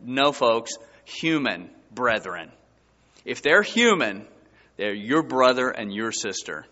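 A man preaching a sermon as a pastor, his voice surging high and loud for emphasis. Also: sing-song, slow. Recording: dull sound with long hall reverb.

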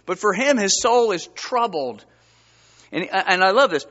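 A man's voice: high-pitched, sing-song, measured pace, bright, forceful tone, highs cut off. A man preaching a sermon, reading Bible verses and pressing his listeners with rising emphasis. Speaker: pastor.

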